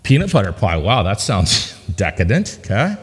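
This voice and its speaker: In a church sanctuary with a big-room sound, a pastor with a lowish voice preaches at normal speed and is very animated. His sermon is conversational and full of jokes for the congregation, with emphatic repetition to drive points home.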